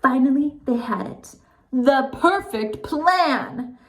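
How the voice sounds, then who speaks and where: A woman reads a children's picture book aloud in a high, sing-song voice that swoops up and down. She takes her time, stopping now and then to chat playfully with her young listeners. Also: animated, takes it slowly.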